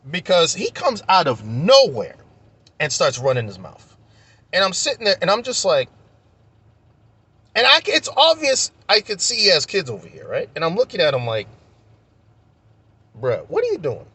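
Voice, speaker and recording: A man's voice: on the high side, bright, forceful tone, slightly rough, no echo. A young man telling a story in a casual vlog rant, heated and profane, repeating himself when he gets worked up. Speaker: vlogger.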